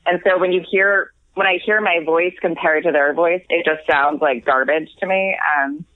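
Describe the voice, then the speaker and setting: A woman comedian chatting casually on a phone call, rambling and self-deprecating with quick laughs. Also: fairly low pitch, dry recording. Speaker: guest comedian. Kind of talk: casual chat. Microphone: phone line. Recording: tinny phone line.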